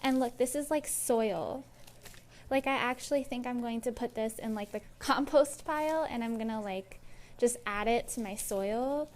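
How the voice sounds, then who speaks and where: Woman vlogger, out of breath and exasperated, casual ranting review, voice a touch high. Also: normal speed. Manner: exasperated, says "like" often. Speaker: plant vlogger.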